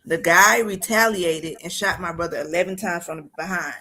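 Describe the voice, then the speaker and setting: A woman's voice: lowish voice, normal speed, sharp tone, slight background noise. A young woman telling her own story of surviving a shooting in a blunt, matter-of-fact way. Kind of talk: candid personal story.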